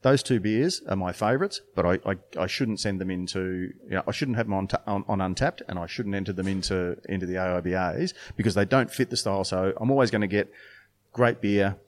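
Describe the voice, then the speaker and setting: Brief: middle-aged brewer, lower voice, casual rambling talker who restarts a lot. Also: male voice, fairly quick. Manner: rambling storytelling with many restarts and fillers. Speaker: brewer and beer judge. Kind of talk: casual interview chat.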